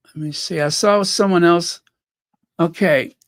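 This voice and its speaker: A woman with a fairly low voice hosts a fan channel livestream, chatting casually, thinking aloud, and reading out viewer comments as she reacts to clips. She speaks at a measured pace, in studio-quality audio with no echo.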